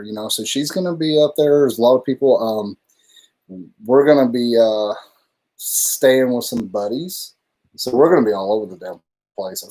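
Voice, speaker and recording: A man's voice: mid-range voice, a little mellow. A man co-hosting a casual live stream, talking in a loose, rambling way and swearing freely. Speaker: livestream co-host.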